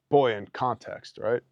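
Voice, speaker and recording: A man's voice: mid-range voice, vocal fry, no echo. A man casually telling a personal story in a blunt, emphatic way, often tossing in "man". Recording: dull, dry lo-fi podcast audio.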